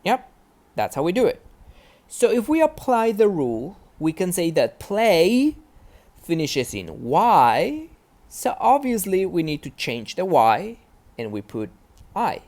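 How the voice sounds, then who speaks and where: A man's voice: high-pitched, wildly swooping pitch, takes it slowly, a little mellow. A man teaching a grammar lesson step by step, often checking in with "right?". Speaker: English teacher.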